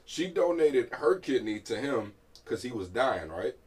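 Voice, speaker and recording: A laid-back man in casual podcast banter, cursing freely and tripping over his own restarts. His pitch moves a lot while his voice stays mid-range. He sits a little back from the microphone. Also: sing-song, a little slow, a little mellow, breathy edge, recorded from a distance. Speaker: podcast co-host. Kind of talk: casual chat.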